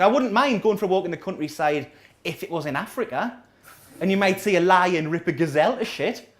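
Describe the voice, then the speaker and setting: A man's voice: high voice, big pitch swings, brisk. A man, doing a chatty, sardonic live stand-up set in a small coffee shop, often checking in with the crowd. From North East England. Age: 30s. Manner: sardonic, chatty, keeps asking the crowd "right?". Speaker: stand-up comedian.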